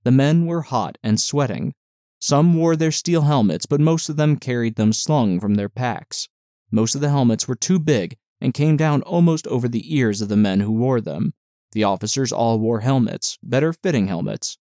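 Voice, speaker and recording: A man narrating a novel as an audiobook with steady, measured storytelling. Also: mid-range voice, dry recording, clean studio sound. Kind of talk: novel reading.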